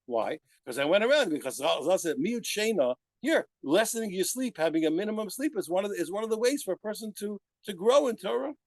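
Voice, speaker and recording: Animated man teaching a Talmud class. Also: high voice, fairly quick, few pauses, no echo. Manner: animated, emphatic, asks rhetorical questions. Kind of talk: lively daf yomi Talmud class. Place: class with students interjecting.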